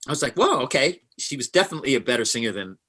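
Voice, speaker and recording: Brief: guest musician, bright forceful voice, lively anecdotes, plays out every quote. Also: male voice, medium pitch, rapid-fire. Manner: animated, acts out quotes. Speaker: session guitarist, guest. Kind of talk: interview storytelling.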